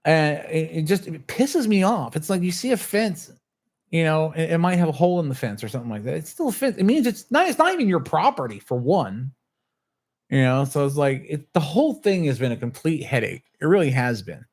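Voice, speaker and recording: A man with a somewhat high voice ranting to his livestream viewers in a casual, heated way. He swears freely and slips into other people's lines as he retells a run-in. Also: big pitch swings, a little fast, a little mellow. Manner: agitated, swearing storyteller who acts out others' lines. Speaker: channel host.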